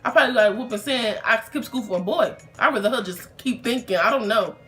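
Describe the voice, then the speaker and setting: A woman's voice: a little high, fast, fairly bright tone, soft background music. A young woman telling a casual storytime vlog in a chatty, rambling way, full of fillers and restarts.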